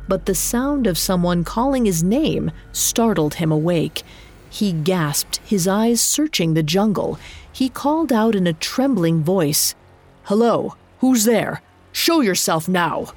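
A woman narrating a folk tale in a measured, even scripted reading. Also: lowish voice. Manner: measured, even storytelling delivery. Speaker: storyteller.

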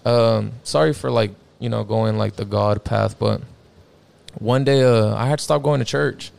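A man's voice: on the low side, measured pace, vocal fry, a little mellow. A young man casually telling a personal story as a guest, slangy and profane, filling his talk with "bro" and "like".

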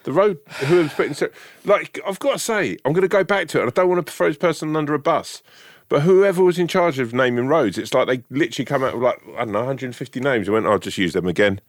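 A man's voice: a little high, fast, hardly any pauses, no room sound, clean studio sound. A man co-hosting a podcast in casual chat, telling stories animatedly and acting out the dialogue. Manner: animated storyteller, acts out dialogue. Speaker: podcast co-host.

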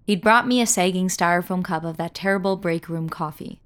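A woman reading a first-person audio story as narrator, in a measured, wry storytelling manner. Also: fairly low pitch.

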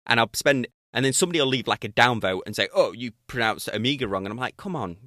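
A man's voice: mid-range voice, fast talker, bright, forceful tone, dry recording, studio quality. A man with a British accent hosting a casual podcast conversation, talking in an earnest, thoughtful way with small restarts. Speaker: podcast host, watch reviewer.

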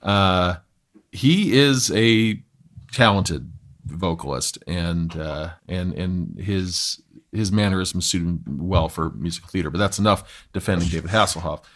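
A man's voice: deep voice, measured pace. A young adult man co-hosting a podcast, chatting casually and rambling with many fillers and restarts. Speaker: podcast co-host. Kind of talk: casual chat.

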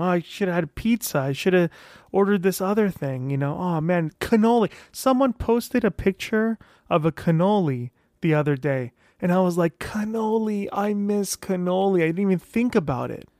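Man, casual vlog monologue, a touch high, lively with quoted asides, dry close mic. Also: normal speed, no echo. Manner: animated, self-talking, acts out quoted voices. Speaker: vlogger sharing weight-loss surgery journey.

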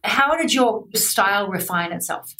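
A woman's voice: mid-range voice, a little slow. Playful woman interviewer. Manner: lively, playful questioning. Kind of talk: casual interview chat.

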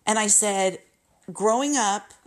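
A woman's voice: mid-range voice, slow pace. Candid woman in her fifties, storytelling. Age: 50s. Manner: candid, emotional, repetitive retelling. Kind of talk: casual personal storytelling.

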